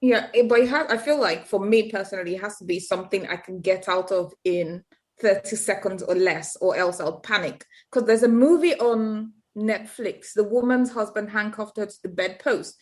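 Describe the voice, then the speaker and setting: A woman co-hosting a podcast, telling stories in animated, emphatic casual chat. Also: mid-range voice, moderate pace. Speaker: podcast co-host.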